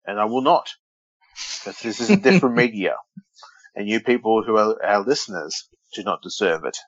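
A man's voice: fairly low pitch, lively intonation, brisk, slightly rough, no room sound, muffled recording. A man co-hosting a wrestling podcast in casual chat, joking and teasing, often stumbling over names. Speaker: podcast co-host.

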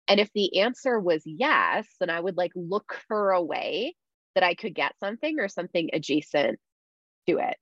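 A woman's voice: on the low side, lively intonation, moderate pace, no echo. A woman talking candidly in casual podcast chat, with lots of "like" fillers. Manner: candid, chatty, many "like" fillers. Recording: slightly dull dry sound.

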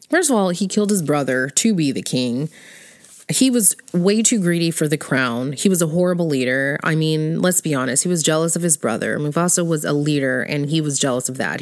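A woman's voice: deep voice, animated, normal speed. A woman giving blunt, opinionated commentary in casual chat, swearing freely and laughing often. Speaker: vlogger ranking characters.

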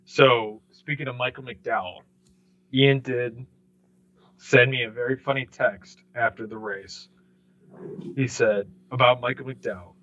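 A man, co-hosting a sports podcast in casual chat, animated and mimicking people in quick bursts. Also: mid-range voice. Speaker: podcast co-host. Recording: slightly dull lo-fi sound.

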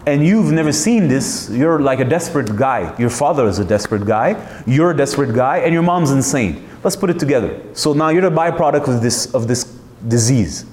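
A man's voice: medium pitch, lively intonation, moderate pace, darkish tone, reverberant, a little hiss or hum. A man hosting a talk, speaking in an emphatic, searching way, full of rhetorical questions and restarts. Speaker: host. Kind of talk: reflective monologue.

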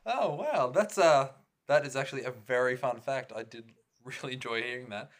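Dry-witted co-host. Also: male voice, medium pitch, moderate pace. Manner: dry quips and interviewer questions. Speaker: podcast co-host. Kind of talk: casual chat.

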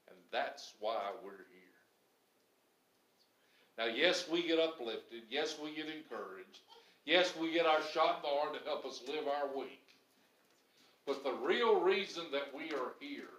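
With a mid-range, fairly bright voice, a pastor delivers a sermon in a church whose sanctuary echoes around him. He uses Southern turns of phrase and builds toward rising, forceful bursts.

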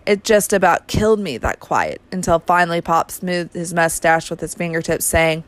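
A woman reading a first-person novel aloud in an even, unhurried storytelling manner, recorded close to the mic. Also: fairly low pitch. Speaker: audiobook reader.

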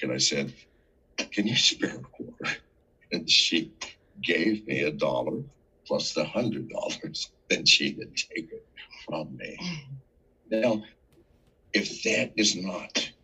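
Man, very low and rough-textured voice, lively swooping delivery; profane, animated storyteller in a casual interview. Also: rough recording. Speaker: interview guest.

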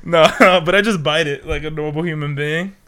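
Young man, podcast co-host, sick, casual profane rambling, frequent laughter, slightly high pitch. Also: normal speed, a bit bright, clean tone.

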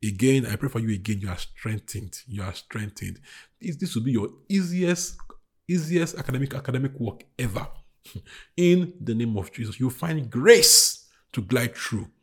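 A man preaching a sermon, repeating bold declarations and then praying more softly. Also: mid-range voice, animated, normal speed, breathy edge. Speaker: pastor. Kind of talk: sermon and prayer.

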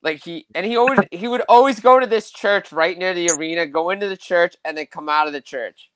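A man's voice: high-pitched, a little fast, fairly bright tone, clear, resonant tone, poor audio. A man co-hosting a hockey talk show, chatting eagerly as a fan and saying "like" a lot. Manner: enthusiastic fan, heavy use of "like". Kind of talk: casual sports chat.

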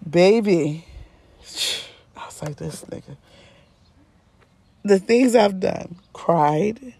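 A woman's voice: medium pitch, lively intonation, slow, warm tone, husky, dry recording. A woman hosting a podcast, telling a personal story in a frank, casual way, often laughing and swearing. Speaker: podcast host.

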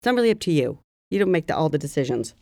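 A woman's voice: sits low, big pitch swings, racing, darkish tone, no room sound, studio quality. A woman co-hosting a podcast, teasing her partner and reading listener mail in casual chat. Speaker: podcast co-host.

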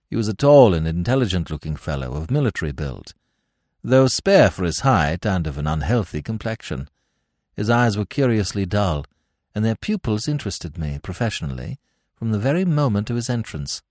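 A man narrating a classic story in a measured, expressive audiobook reading. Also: lowish voice, no room sound, clean studio sound.

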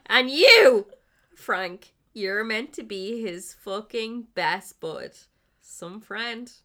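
A woman's voice: medium pitch, lively intonation, drawn-out words, bright, forceful tone, exaggerated voice. A woman reading fan fiction aloud, voicing an outraged young man who swears and spits accusations at his friends. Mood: scornful.

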